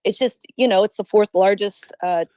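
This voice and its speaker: A woman chatting on a podcast as a guest, eager and talkative, often adding "you know what I mean". Her voice is at an ordinary middle pitch. The sound is dry and close-miked. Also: moderate pace, dark tone, dry recording. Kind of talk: casual podcast chat.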